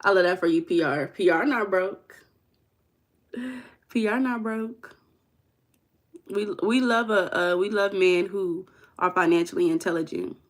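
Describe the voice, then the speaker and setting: Speaking unhurriedly with long pauses, a woman with a fairly low voice hosts a livestream from a room at home. She's a chatty, teasing Midwesterner from the United States who reads the chat aloud and calls out viewers' names.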